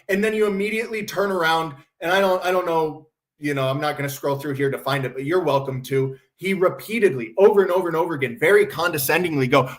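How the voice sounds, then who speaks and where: Male commentary-stream host with a high voice, sarcastic and mocking ranting. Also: fairly quick. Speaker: podcast host.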